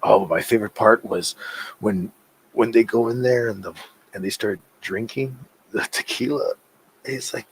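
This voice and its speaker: A man appearing as a guest on a video-call podcast, retelling movie scenes in a relaxed, casual way. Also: fairly low pitch, moderate pace, slight background noise, poor audio. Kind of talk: casual chat.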